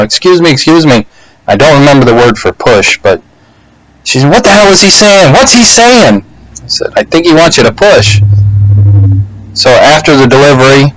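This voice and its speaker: A man casually telling a personal story to a webcam, unhurried, with frequent pauses and fillers. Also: mid-range voice, dry recording, rough recording. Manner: unhurried, halting, many "uh" and "you know" pauses. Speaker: speaker giving a practice speech. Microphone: laptop webcam.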